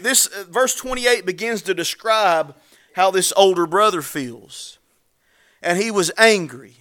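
A man preaching a sermon in a folksy, conversational way, with repetitions and asides, growing louder when he acts out scripture. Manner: rises in pitch and volume when dramatizing scripture.

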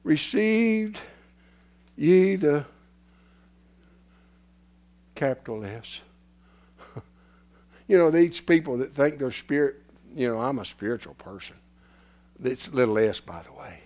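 A man preaching a sermon in a folksy, repetitive way, swinging from hushed whispers to shouts as his voice gives out. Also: mid-range voice, normal speed, pauses often. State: losing his voice.

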